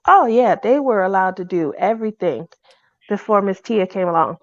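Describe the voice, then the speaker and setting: A woman telling a personal story in a casual, animated way. She acts out the people she quotes in a loud voice. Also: medium pitch, moderate pace, no echo. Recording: dull, dry lo-fi recording.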